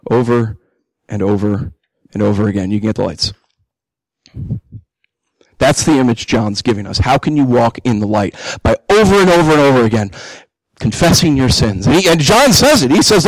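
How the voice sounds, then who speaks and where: A male pastor preaching a sermon, animated, acting out the inner voices of believers. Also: medium pitch, moderate pace, dry recording, low-quality recording. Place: church.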